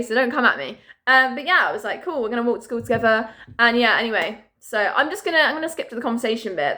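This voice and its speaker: A young woman talks through a storytime vlog in a casual, lively way. Her voice is bright and clear and sits a little high. She swears freely and laughs often. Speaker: vlogger.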